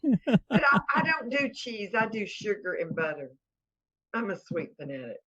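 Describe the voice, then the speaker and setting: Husky Southern woman, lively voice. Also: medium pitch, normal speed. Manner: teasing, laughing. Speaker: guest. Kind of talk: casual live-stream chat. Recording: dull lo-fi stream audio.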